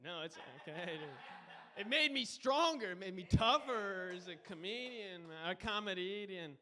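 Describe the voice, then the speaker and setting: A man's voice: sits high, lively intonation, normal speed, pushed and bright. A man guest hosting a live comedy show, doing a loose, rambling stand-up set. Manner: loose, rambling, says dude a lot.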